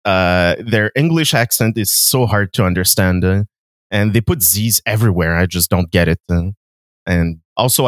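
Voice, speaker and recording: Slow-talking Quebec French man. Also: on the low side, fairly bright tone, no room sound, studio quality. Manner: unhurried and joking, laughs often. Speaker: guest. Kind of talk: casual chat.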